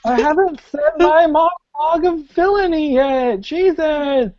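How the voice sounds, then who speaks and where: A man voicing a male mind flayer villain in a tabletop game, pleading in a high, exasperated voice. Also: a little slow. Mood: whiny protest. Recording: dull lo-fi recording.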